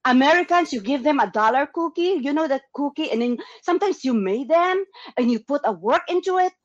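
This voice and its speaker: A woman's voice: sits high, animated, fast talker, no room sound, lo-fi sound. A woman, chatting as a guest and acting out what other people say in different voices. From Philippines. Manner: talkative, acts out quoted remarks in changed voices. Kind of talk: casual conversation sharing experiences.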